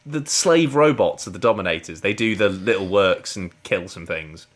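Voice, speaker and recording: A deep-voiced man with lively intonation speaks at a normal speed as a podcast co-host. He rambles through a casual review of a TV serial, chatty and laughing, with lots of "like."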